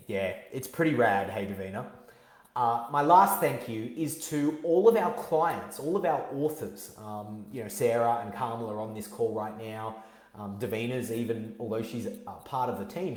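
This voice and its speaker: A man in his thirties hosting his own book launch on a live stream, talking in an energetic, heartfelt way with many fillers and restarts. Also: lowish voice. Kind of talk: live-streamed casual talk. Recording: roomy echo.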